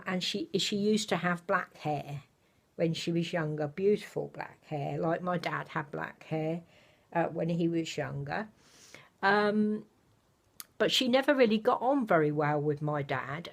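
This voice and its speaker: An older woman chatting casually to her camera at home, rambling gently with many fillers. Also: fairly low pitch, creaky. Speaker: vlogger. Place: home, indoors.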